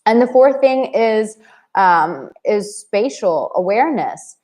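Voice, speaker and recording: A woman dating coach in her thirties talking casually to camera, blunt and animated, acting out the people in her stories. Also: medium pitch, takes it slowly. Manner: animated and blunt, acts out quoted voices.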